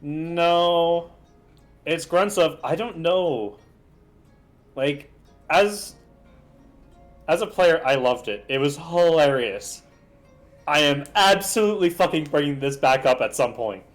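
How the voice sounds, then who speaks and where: A man's voice: on the high side, faint music behind. A man chatting casually as a game player, swearing freely in his banter. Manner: slow, swearing, laughing banter. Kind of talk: casual chat.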